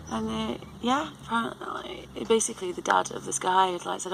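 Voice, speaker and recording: A woman's voice: mid-range voice, normal speed, creaky, background noise. A woman in her thirties telling a long story in a rambling, casual way, full of fillers and restarts. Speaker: vlogger.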